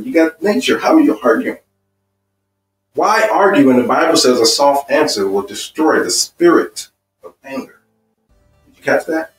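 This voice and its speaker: A man teaching a marriage seminar to an audience, lively and full of rhetorical questions. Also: medium pitch, recorded from a distance. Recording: echoey room, voice from afar, faint music.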